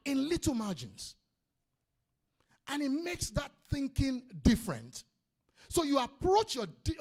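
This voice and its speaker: Lively high-voiced Nigerian seminar speaker. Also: male voice, husky. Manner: energetic, calls out to the audience, repeats points. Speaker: business speaker. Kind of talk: lively seminar talk to a live audience. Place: conference hall before an audience.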